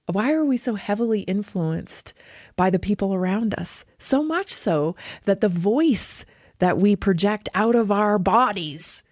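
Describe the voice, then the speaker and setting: A woman from Canada hosting a radio show, talking in a chatty, animated way, repeating points for emphasis and laughing easily. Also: medium pitch, no echo, studio quality. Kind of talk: casual monologue.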